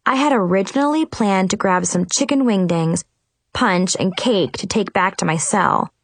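Woman narrator, lively storybook reading, dry close sound. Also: mid-range voice, dry recording. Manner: expressive, first-person storytelling.

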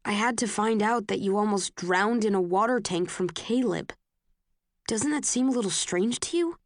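A guarded young man speaks in a low, clipped, restrained way, read by a woman narrating a novel. The recording is dry and close, with no room around the voice. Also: moderate pace, no echo, natural voice. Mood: defensive.

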